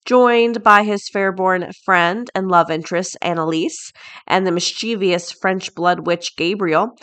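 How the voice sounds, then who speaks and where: Unhurried and on the low side, with a bit of brightness, this is the voice of a middle-aged woman hosting a daily podcast. She laughs often while chatting casually and reading headlines.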